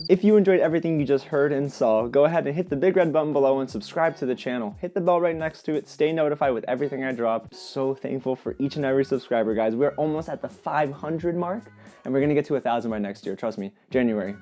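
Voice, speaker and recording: A man's voice: medium pitch, quick pace, mellow, faint music behind. A man hosting his own movie review channel, talking straight to his viewers with lots of enthusiasm in a casual vlog style.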